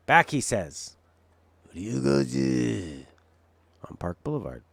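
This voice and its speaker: A man's voice: mid-range voice, sing-song, measured pace, gravelly, pauses often. A male game streamer rambling through casual, opinionated, jokey commentary while he plays.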